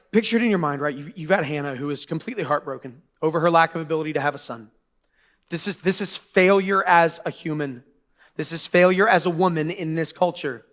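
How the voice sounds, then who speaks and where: Casual young male pastor, high-pitched, joking, church sermon. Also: a bit bright. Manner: casual, joking preacher with quick asides.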